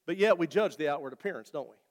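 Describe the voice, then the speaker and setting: A man preaches in a high, lively voice that swings up and down a lot. He talks to his congregation in a conversational, joking way, and his voice rings with the long reverb of a church hall. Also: rapid-fire. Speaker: pastor. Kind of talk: sermon. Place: church sanctuary.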